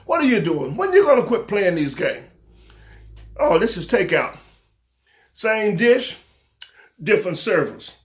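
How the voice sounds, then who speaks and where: A man's voice: high voice, very animated, a little slow, pauses often. A man hosting a local talk show, scolding his audience with fervent rhetorical questions in a preacher-like style. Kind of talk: preacher-like call-and-response commentary.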